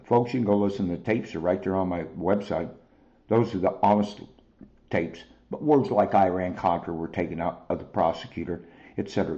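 A man's voice: deep voice, dark tone, dull audio. A man hosting a talk show, delivering an angry, profane monologue straight to his listeners. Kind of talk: heated monologue.

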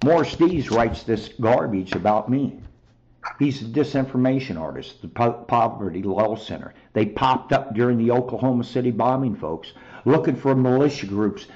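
A man's voice: medium pitch, darkish tone, muffled recording. A man hosting a talk show, delivering an angry, profane monologue straight to his listeners. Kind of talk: heated monologue.

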